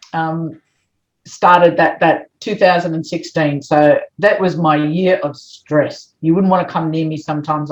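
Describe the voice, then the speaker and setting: Animated storytelling woman. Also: lowish voice. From Australia. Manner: animated, acts out quoted voices. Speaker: guest. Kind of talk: storytelling in conversation. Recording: dull lo-fi sound.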